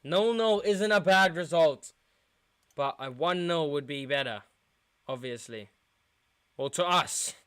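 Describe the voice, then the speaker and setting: Young guy doing a live footy watchalong, kinda high voice, clean and clear, flips from mumbling to yelling. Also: slow, long pauses, dry recording. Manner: excitable, shouts at big chances, mutters otherwise. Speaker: watchalong streamer. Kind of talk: live football watchalong commentary.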